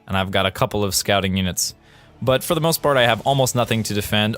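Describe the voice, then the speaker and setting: A man who designs games, explaining game design in casual commentary over footage, animated and full of quick exclamations. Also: lowish voice, soft background music.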